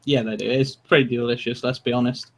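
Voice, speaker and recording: A man's voice: mid-range voice, flat delivery, a little fast. A man joining a live stream as a guest, chatting casually in a teasing, playful way.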